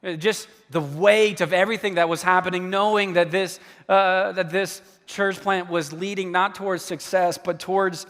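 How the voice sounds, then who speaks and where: A male pastor preaching a sermon, animated and acting out dialogue with rising emphasis. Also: sits high, normal speed, few pauses. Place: church sanctuary. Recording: long hall reverb.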